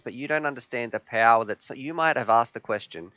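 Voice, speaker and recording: A man's voice: medium pitch, quick pace, few pauses, sharp tone, dry recording, muffled recording. A man hosting a casual live stream from his home room, rambling and chatty as he thanks viewers.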